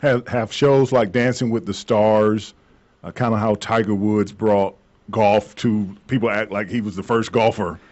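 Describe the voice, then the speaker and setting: A man's voice: on the low side, fairly even intonation, measured pace, darkish tone. A man hosting a sports talk show, asking rambling, joking questions with fillers in a casual interview. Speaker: show host. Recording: slightly muffled lo-fi sound.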